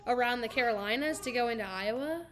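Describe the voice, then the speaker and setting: A woman's voice: on the high side, fast, crowd noise. A woman in her twenties co-hosting a podcast, chatty and gossipy, leaning on "like". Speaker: podcast co-host. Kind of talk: casual chat. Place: home.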